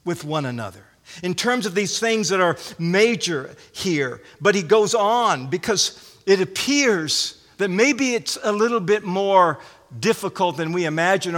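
A man's voice: high-pitched, bright, forceful tone. A man preaching a sermon, emphatic, repeating phrases and restarting often. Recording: long hall reverb.

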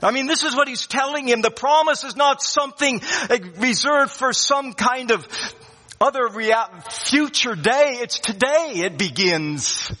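A man's voice: very high voice, measured pace, pushed and bright. A man preaching a sermon as pastor, emphatic and repeating key words for weight. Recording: reverberant hall.

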